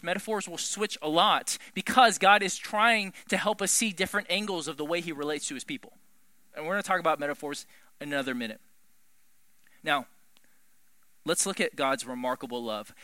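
A man preaching a sermon in an animated, emphatic way, swinging between loud pushes and hushed lines. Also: a little high, fairly quick, no echo.

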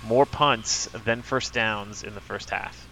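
Man from the South, low gravelly voice, teasing co-host on a casual sports chat. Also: takes it slowly, pushed and bright, a little hiss or hum, low-quality recording. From American South. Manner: laughing, teasing banter. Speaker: podcast co-host, Clemson fan.

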